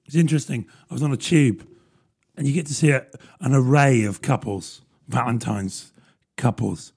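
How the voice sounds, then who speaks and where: A man's voice: medium pitch, moderate pace, gravelly, darkish tone, husky. A man, rambling through a casual solo podcast with plenty of fillers and self-deprecating asides. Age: 30s. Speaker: podcast host.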